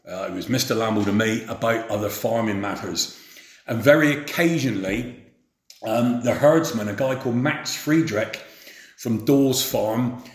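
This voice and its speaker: A man telling unhurried, anecdotal stories about his days as a farmhand. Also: medium pitch. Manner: unhurried, anecdotal, hesitant fillers. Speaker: former farmhand reminiscing. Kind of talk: spoken reminiscence. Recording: roomy echo.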